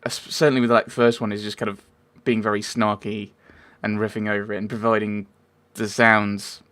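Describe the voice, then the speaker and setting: A man's voice: lowish voice, level tone, fairly quick, fairly bright tone. Rambling man commenting on gameplay. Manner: rambling, self-interrupting, wry asides. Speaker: let's play gamer.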